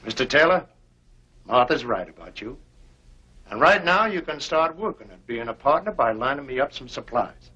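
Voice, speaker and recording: A folksy old prospector. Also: male voice, medium pitch, big pitch swings, normal speed, sharp tone, slightly rough, full character voice. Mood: excited. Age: older. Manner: folksy frontier talk. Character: weathered old prospector, gruff but tender-hearted. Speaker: gold prospector. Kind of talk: 1950s film acting. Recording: dull old film soundtrack with music.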